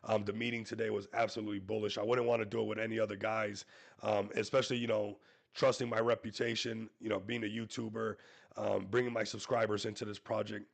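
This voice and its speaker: Sick and congested, a male crypto YouTuber hosts a live stream promoting a project with salesy hype, saying "everybody" again and again. He talks quickly in a fairly low, gravelly voice that stays level in tone.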